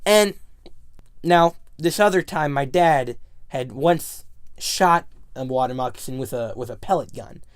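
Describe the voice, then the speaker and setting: Male storyteller, mid-pitched, excitable and dramatic, dry sound. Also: unhurried, smooth, no room sound. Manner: dramatic, excitable, frequent restarts. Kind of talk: casual storytelling to camera.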